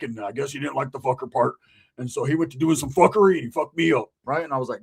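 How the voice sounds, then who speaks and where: A man's voice: mid-range voice, fast talker, gravelly, breathy edge. A man telling a rambling, profane story in a casual talk-show chat, laughing at his own tale.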